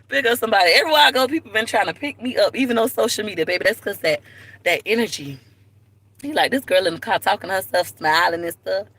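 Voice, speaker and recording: A young woman from Tampa chatting casually to viewers on a live video from her car, lively and direct. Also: mid-range voice, rough recording. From Tampa, Florida. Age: young adult. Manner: chatty, animated, talks straight to viewers. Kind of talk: casual livestream chat. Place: in a car at a park. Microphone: phone camera.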